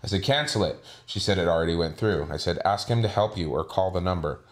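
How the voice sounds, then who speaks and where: A man's voice: sits low, fast. A man co-hosting a podcast, telling a casual story and acting out the voices of the people in it. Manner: animated storyteller, acts out quoted voices. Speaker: podcast co-host.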